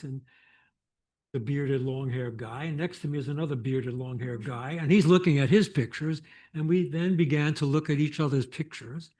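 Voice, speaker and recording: An older man, a photographer, telling anecdotes on a lecture stage in a reflective, animated way with restarts. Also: fairly high pitch. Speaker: photographer guest. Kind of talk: conversational storytelling.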